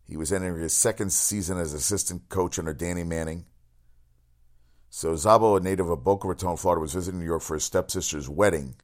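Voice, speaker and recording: Host: middle-aged man, very low voice, rambling profane sports chatter. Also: fast talker. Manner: rambling, profane, animated storytelling. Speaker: sports talk show host. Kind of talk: casual sports talk.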